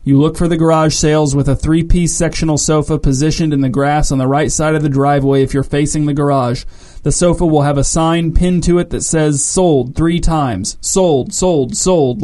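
A man's voice: fairly high pitch, steady tone, fairly quick, mellow, lightly acted. A man voicing a wounded, dying man who is rude and impatient, speaking in a curt, snapping way.

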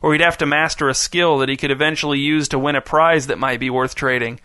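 A male narrator reading a story in steady, even scripted narration. His voice is bright and slightly high, and the read is close and dry with no room around it. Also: quick pace, clear, resonant tone, no room sound.

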